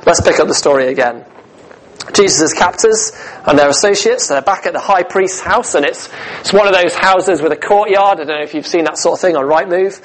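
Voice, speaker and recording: A man delivering a sermon with a fairly high voice. He speaks in an earnest, emphatic way and lets key words land with slow pauses. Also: rough recording. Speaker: preacher.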